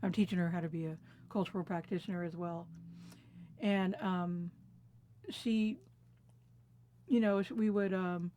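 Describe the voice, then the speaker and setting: Mellow-voiced woman in her fifties reminiscing. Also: lowish voice, steady tone, a little hiss or hum. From California. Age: 50s. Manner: reflective, unhurried, laughs softly between memories. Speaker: interviewee. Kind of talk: personal storytelling conversation. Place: quiet recording booth.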